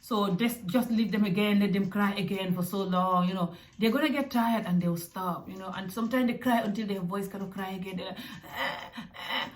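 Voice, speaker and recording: Animated woman with a roomy echo. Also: mid-range voice, fairly quick, hardly any pauses. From Africa. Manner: animated and direct, with acted asides. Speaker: parenting vlogger. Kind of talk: casual advice talk. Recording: echoey room.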